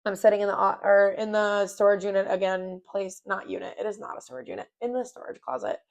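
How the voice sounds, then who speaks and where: A woman's voice: mid-range voice, little pitch movement, fast talker, vocal fry. Candid young woman telling a personal story. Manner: candid, rambling, self-mocking humor. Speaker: podcast host. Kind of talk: casual personal storytelling monologue.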